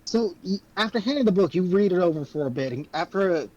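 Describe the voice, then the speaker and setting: A male game master narrates a tabletop scene in a loose, halting way, full of fillers and restarts. His voice sits a little high for a man. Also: expressive, darkish tone, highs cut off.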